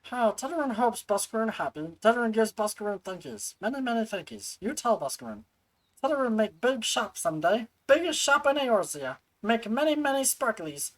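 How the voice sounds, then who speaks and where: A woman's voice: fairly high pitch, big pitch swings, moderate pace, low-quality recording. A woman voicing a small gremlin-like shopkeeper who talks in broken, simple phrases about himself in third person. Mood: eager. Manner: broken caveman-style speech, third person.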